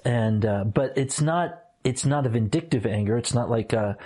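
A middle-aged man, a former minister, telling personal stories in an earnest, halting way with many restarts. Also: mid-range voice, dark tone. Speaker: former minister, interview guest. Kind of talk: reflective personal storytelling.

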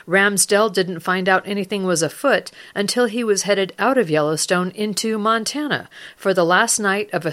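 A woman presents a scripted radio news feature at a measured pace. Her voice sits at a middle pitch, and she reads steadily through the copy as the program's host. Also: fairly bright tone.

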